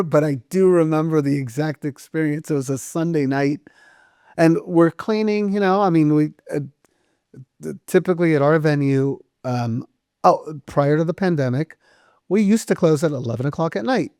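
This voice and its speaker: Animated middle-aged man telling stories. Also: on the high side, normal speed, no echo, studio quality. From United States. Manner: animated storyteller acting out quoted dialogue, swears casually. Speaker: restaurant owner and guest. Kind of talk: casual storytelling interview.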